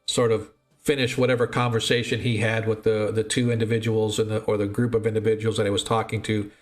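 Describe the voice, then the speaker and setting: A man's voice: on the low side, level tone, fast talker, faint music behind. A man narrating as dungeon master in loose, rambling narration. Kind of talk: narrating a tabletop game.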